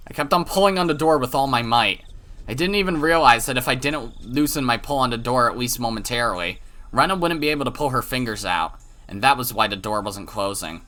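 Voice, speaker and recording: With a bright, forward, medium-pitched voice, the let's play host reads the visual novel's narration dramatically, animated and fairly quick. He pauses at times for crude asides and sometimes fumbles a word.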